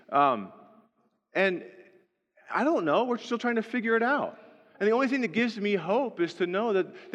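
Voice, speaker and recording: A man's voice: sits high, fairly bright tone. A male pastor preaching a sermon in a conversational way, often checking in with "right?". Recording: dull lo-fi sound with long hall reverb.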